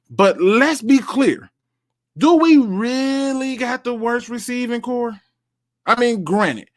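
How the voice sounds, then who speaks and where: A man hosting a solo sports talk show, speaking straight to his viewers and reacting as he reads. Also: high voice. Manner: animated, talks to viewers directly, reads out and reacts.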